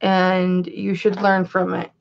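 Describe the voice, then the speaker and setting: A woman's voice: on the low side, completely flat delivery, takes it slowly, creaky, muffled recording. A woman hosting a chatty livestream, greeting viewers by name and calling herself Mama. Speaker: live-stream host and reseller.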